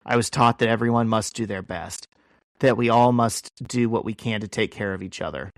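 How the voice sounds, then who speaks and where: A man reading out Captain America's acceptance speech in a calm, measured way, close to his own voice. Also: on the low side, no echo, lightly acted. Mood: solemn. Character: Captain America, heroic adult male leader giving a speech.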